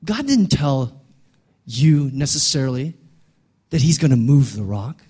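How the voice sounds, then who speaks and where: A male pastor preaching a sermon, building to loud, emphatic peaks and dropping quiet again. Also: medium pitch, very animated, measured pace, pauses often, slightly rough.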